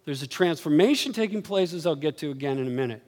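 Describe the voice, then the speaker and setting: A man preaching a sermon, telling stories animatedly and swinging from low murmurs to excited highs. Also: fast. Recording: reverberant hall.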